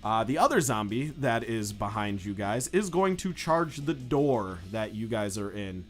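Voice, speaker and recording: A man's voice: on the low side, big pitch swings, a little slow, faint music behind. A young man narrating as game master in a loose, casual way, with lots of fillers. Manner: loose, filler-heavy describing with many "like"s.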